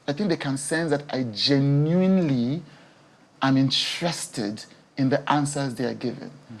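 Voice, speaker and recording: Brief: woman, TV talk show host from Nigeria, guest in a studio interview, animated, emotional, quick to laugh. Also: low voice.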